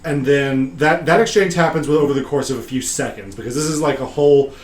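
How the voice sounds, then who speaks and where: Guy who ran the game walking thru what happened, lots of ums, pretty ordinary pitch. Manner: rambling storytelling with frequent pauses and fillers. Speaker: game master recapping a session. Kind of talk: casual podcast recap.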